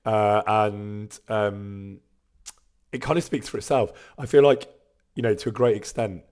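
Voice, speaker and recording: Man, casual streamer chat, fairly low voice, laughs a lot. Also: fairly even intonation, unhurried, darkish tone, clear, resonant tone. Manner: chatty, laughs often, reads out chat messages.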